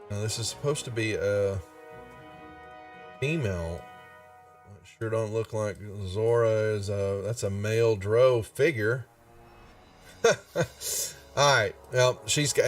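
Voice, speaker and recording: A man running a tabletop game, folksy and drawling, chuckling often. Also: lowish voice. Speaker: game master. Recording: a bit far from the mic, faint music behind.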